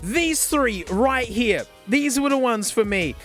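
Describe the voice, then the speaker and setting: Excitable Australian man, high voice. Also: normal speed, few pauses, soft background music. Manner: excitable, jokey, laughs often. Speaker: YouTube host. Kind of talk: casual nostalgic commentary.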